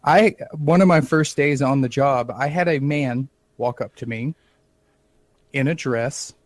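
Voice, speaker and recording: A man co-hosting a podcast, telling a comic story in a wry, animated way and acting out the dialogue. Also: mid-range voice, a little slow, dry recording. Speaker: podcast co-host.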